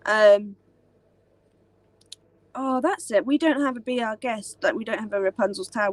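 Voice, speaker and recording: With a voice on the high side, this young British live stream host chats casually at a moderate pace, leaving long pauses. She rambles, dropping in many ums and likes, and the audio carries no room sound.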